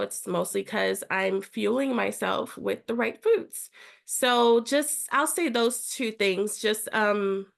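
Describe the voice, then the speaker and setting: A woman's voice: mid-range voice, gravelly. A young woman talking in an earnest, motivational way in a casual chat. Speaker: reality show contestant.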